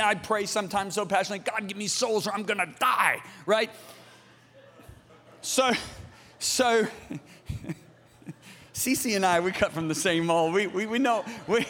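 A man delivers a sermon in a high, impassioned voice, pulling his listeners into a personal story and calling on them to answer back. His words ring out through the long reverb of a big church hall. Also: a bit bright. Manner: impassioned preaching with storytelling, calls on the congregation. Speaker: preacher.

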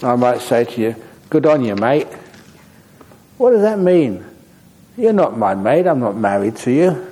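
A man, a Buddhist monk, answers questions from his audience in a relaxed dharma talk. His voice is mellow and warm, never bright. He moves easily between teaching points and humorous, unhurried anecdotes. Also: mid-range voice, husky, rough recording. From Australia.

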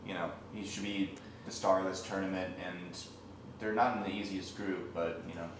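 A man co-hosting a soccer podcast, giving a steady, explanatory match analysis. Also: deep voice, normal speed. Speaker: podcast co-host. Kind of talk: casual sports analysis. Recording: distant echoey mic with noise.

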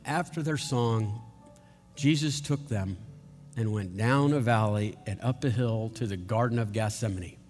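A man preaching a sermon slowly and dramatically, building to intense questions. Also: fairly low pitch, a little mellow, long reverb tail.

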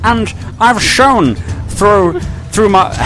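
A blustering cartoon explorer, as a man puts him on. His voice climbs high and swings widely. He sounds hearty and keeps exclaiming. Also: lively intonation, extremely slow, music in the background, heavily acted, rough recording. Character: posh middle-aged male cartoon explorer, hearty. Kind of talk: improv comedy.

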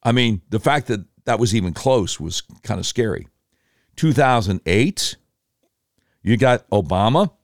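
A man telling political history in an animated way, breaking into quick impressions of voters and politicians. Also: fairly low pitch, no echo, studio quality.

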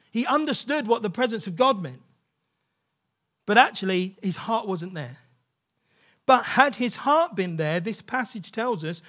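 A man's voice: high-pitched, animated, a little slow, fairly bright tone. A male preacher giving a sermon in a conversational, emphatic way, often checking in with the congregation.

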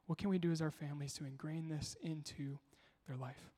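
A man's voice: fairly high pitch, fairly even intonation, brisk, dark tone. Man preaching in a reverberant hall. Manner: storytelling, conversational with rhetorical questions. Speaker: pastor. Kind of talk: sermon.

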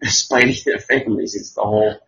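A man's voice: lowish voice, fairly even intonation, fairly quick, creaky, a bit bright. A man hosting a podcast, talking in a rambling, sarcastic way and swearing freely. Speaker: podcast host. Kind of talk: casual crude chat. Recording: dull lo-fi audio.

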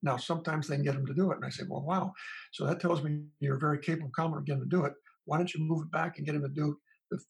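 This interview guest, a psychologist, retells conversations with parents in a thinking-aloud style full of restarts. His rapid-fire speech sits on the high side, with fairly even intonation, vocal fry and slight roughness, and the audio is poor.

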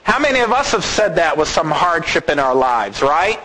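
A man preaching a sermon in an animated way, acting out the voices of the people he talks about. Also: a little high, normal speed, few pauses, poor audio.

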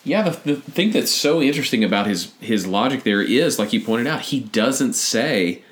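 A man's voice: medium pitch, animated, normal speed. A man hosting a conversation about scripture, explaining his thinking step by step. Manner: thoughtful, explains step by step, frequent restarts. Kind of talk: casual theological discussion.

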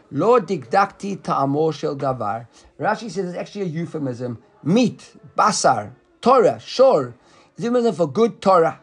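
A man teaching a Talmud study class, explaining the text lively and acting out the rabbis' words while quizzing a student. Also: sits high, breathy edge.

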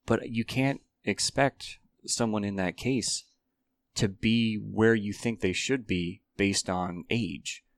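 A man's voice: fairly low pitch, takes it slowly, no echo. A man talking in a casual, reflective way on a podcast, with many fillers. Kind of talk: casual chat.

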